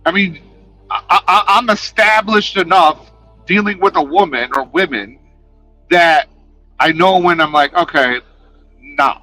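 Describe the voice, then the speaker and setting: A man's voice: sits high, unhurried, pauses often, bright, forceful tone, soft background music, low-quality recording. A man ranting to his chat on a livestream, profane, confrontational and sarcastic. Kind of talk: casual livestream rant.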